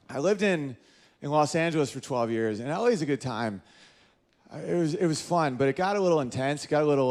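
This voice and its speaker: A medium-pitched man from northern New York does a stand-up set at a comedy club. Through animated stories, he acts out the voices of the people he describes.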